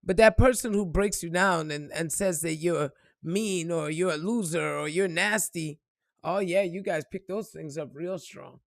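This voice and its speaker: A woman's voice: on the low side, a little slow, dry recording. Woman preaching self-worth, blunt and swears a lot, asks lots of questions, dry close sound. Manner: emphatic and preachy, blunt and profane, with rhetorical questions. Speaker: spiritual reader and motivational speaker. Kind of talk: motivational spiritual monologue.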